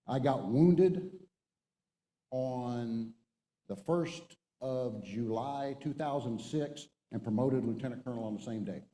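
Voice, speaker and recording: Dark-voiced retired Marine colonel speaking. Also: male voice, mid-range voice, in a large hall, poor audio. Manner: storytelling, emphatic, exhorting. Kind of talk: motivational talk to a men's group. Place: stage before an audience.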